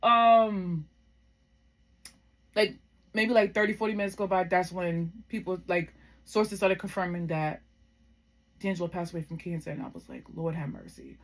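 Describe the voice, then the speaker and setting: A woman's voice: fairly low pitch, steady tone, moderate pace, pauses often. A woman in her thirties telling a personal story in a casual vlog. She is heartfelt and reflective, and rambles with many fillers. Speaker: vlogger.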